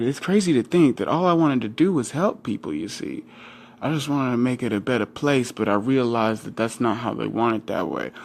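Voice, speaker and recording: A man ranting into the camera in a rambling, slangy monologue, swearing freely and quoting himself with "I'm all like". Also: mid-range voice. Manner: slangy, rambling, jumps from topic to topic; keeps quoting himself with "I'm all like", voice jumping up when he does.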